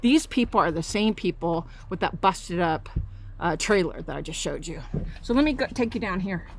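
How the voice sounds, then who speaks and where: A woman's voice: fairly low pitch, expressive, normal speed, a little hiss or hum. A woman walking outdoors through her residential park, filming on her phone and pointing out problems in an indignant, accusing way. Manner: indignant, accusing, points things out as she walks. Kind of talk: walking tour vlog with complaints. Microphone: phone camera held while walking.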